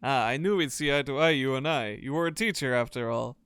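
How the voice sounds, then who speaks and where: A man's voice: medium pitch, fairly quick, a bit bright, clear, resonant tone, no echo, lightly acted. A man voicing a friendly, earnest male sawmill worker who rallies people to his side.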